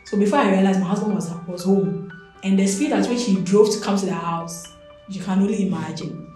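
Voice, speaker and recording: Young Ghanaian woman, candid personal storytelling, animated delivery, very roomy echo, faint music underneath. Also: medium pitch, a little fast. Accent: Ghanaian English. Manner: animated, expressive storytelling with many fillers. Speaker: interview guest.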